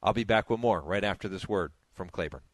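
A man hosting a sports radio interview show, measured as he thanks his guest and introduces segments. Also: low-pitched, background noise. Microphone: studio microphone.

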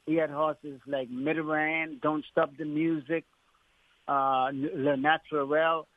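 A man guest on a call telling an emotional personal story, halting and restarting often. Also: a little high, flat delivery. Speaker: guest, former horse exercise rider. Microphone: telephone. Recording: tinny phone line.

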